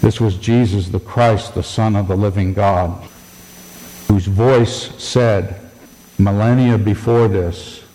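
A man preaching a sermon, telling the story slowly and with emphasis. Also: lowish voice, fairly even intonation, dark tone. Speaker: pastor. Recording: long church-hall reverb.

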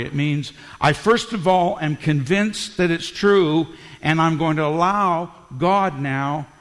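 A man preaching a sermon as pastor, emphatic, with rising bursts of volume. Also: fairly high pitch. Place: church sanctuary. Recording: long hall reverb.

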